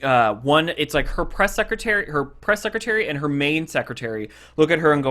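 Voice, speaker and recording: A man's voice: fairly high pitch, very animated, brisk, few pauses, pushed and bright. A man co-hosting a casual podcast, retelling a TV episode scene by scene, acting out the characters' lines with frequent restarts. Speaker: podcast co-host.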